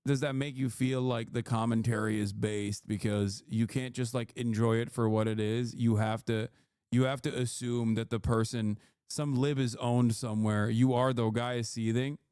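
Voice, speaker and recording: A man's voice: medium pitch, steady tone, normal speed, darkish tone, clean tone, dry recording, clean studio sound. A man streaming live, reacting to videos with sarcastic, mocking commentary.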